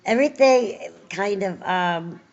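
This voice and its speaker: A woman's voice: mid-range voice, expressive, takes it slowly, a little mellow, muffled recording. A woman chatting casually in a home video update, rambling with many fillers, tired and recovering from surgery. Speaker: vlogger.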